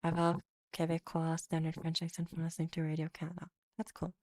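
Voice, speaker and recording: Low-voiced European woman, chatty streamer. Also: monotone, quick pace, darkish tone, dry recording, studio quality. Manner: rambling, chatty, laughs often, restarts words. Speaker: VTuber streamer. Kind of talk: casual chat reading viewer comments.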